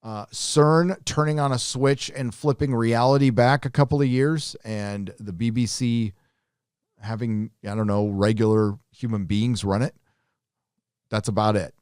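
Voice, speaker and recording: A man's voice: mid-range voice, normal speed, no room sound, clean studio sound. A man hosting a live stream, reading viewer donations aloud and answering them with joking, profane, rambling asides. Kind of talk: casual live-stream chat.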